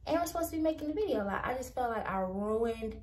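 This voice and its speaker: A young woman, telling a storytime vlog in an animated way and saying "like" a lot. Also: fairly high pitch, fast, far from the mic. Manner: animated, repeats "like" and "I'm like". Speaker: vlogger. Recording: echoey room.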